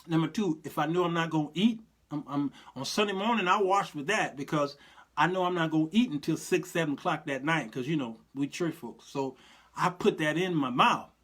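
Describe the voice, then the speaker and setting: A man hosts his show in a loose, preacherly monologue. His voice sits a little high, and his delivery is folksy, full of asides and easy laughter. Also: fairly quick, a bit bright. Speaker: show host. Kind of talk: casual live-show monologue.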